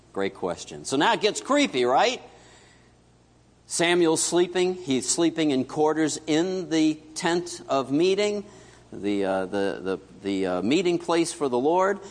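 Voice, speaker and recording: A man preaching a sermon as pastor, telling a story and acting out its dialogue, swinging between loud and hushed. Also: on the low side. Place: church sanctuary. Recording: echoey church hall.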